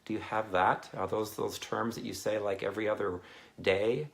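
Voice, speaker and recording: Low gravelly man rambling to viewers. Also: level tone, moderate pace. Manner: rambling, chatty, laughs often. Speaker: Christian ministry speaker. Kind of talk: casual live video chat with viewers.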